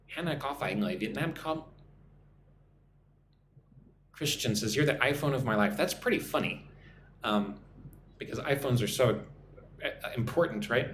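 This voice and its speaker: A man's voice: mid-range voice, a bit bright, echoey room, slight background noise. A man from Texas with a mild Texan accent, teaching English on a live stream and reading viewer comments aloud in a chatty way. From Texas, USA.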